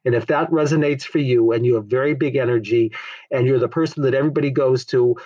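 A man's voice: mid-range voice, fast, darkish tone, dry recording, muffled recording. A man who teaches the Enneagram in frank, emphatic conversation, swearing now and then.

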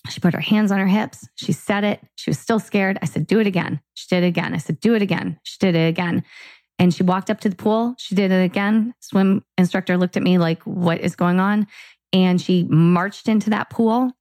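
A woman's voice: mid-range voice, brisk, dry recording. A woman co-hosting a podcast, telling a family story in casual chat and acting out the dialogue. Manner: animated storyteller, acts out dialogue. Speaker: podcast co-host.

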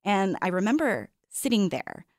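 A woman host narrates a scripted documentary in a measured, earnest way. Her voice sits at a middle pitch and is recorded very dry, with no room sound. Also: big pitch swings, no room sound. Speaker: podcast host.

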